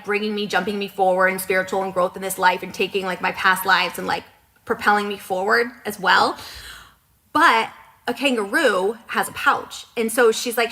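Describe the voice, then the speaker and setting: A woman's voice: medium pitch, bright, forceful tone. A woman in her thirties co-hosting a podcast, chatting casually and retelling conversations with lots of fillers. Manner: chatty, many fillers and quoted dialogue. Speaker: podcast co-host.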